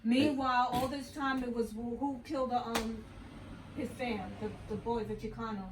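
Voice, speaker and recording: A woman's voice: fairly high pitch, steady tone, moderate pace. Chatty woman in an echoey room. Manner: chatty, lots of agreeing backchannels. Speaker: co-host. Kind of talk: casual book discussion. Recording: echoey room, far from mic, faint noise.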